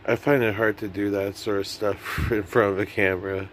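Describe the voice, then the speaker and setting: A man's voice: fairly low pitch, little pitch movement, normal speed, a little hiss or hum. A young man vlogging to camera in a rambling, self-mocking comedic monologue that often loses its thread.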